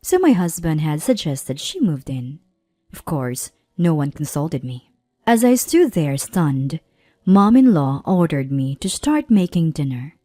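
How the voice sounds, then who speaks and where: A woman in her thirties narrating a personal story in a measured, plaintive way. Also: deep voice, expressive, warm tone, dry recording, clean studio sound, soft background music. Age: 30s.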